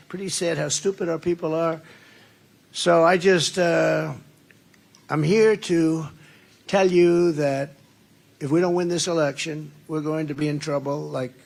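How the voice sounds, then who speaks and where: A man giving a rambling, repetitive campaign rally speech, full of digressions and emphatic sarcastic asides. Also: a little high. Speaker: political candidate.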